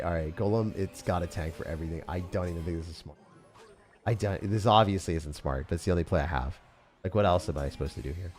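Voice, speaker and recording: A young man giving live commentary as he plays and rates card decks, excitable, with loud outbursts and laughter. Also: deep voice. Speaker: streamer playing and rating decks. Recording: faint music behind.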